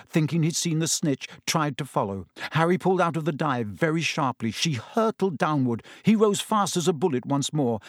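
A man narrating a storybook with a lively, expressive reading. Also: medium pitch, no echo, clean studio sound. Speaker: audiobook reader.

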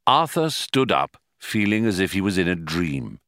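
Man narrating, lowish voice, close dry sound, measured storytelling. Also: big pitch swings, a bit bright, dry recording. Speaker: audiobook narrator. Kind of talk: scripted narration.

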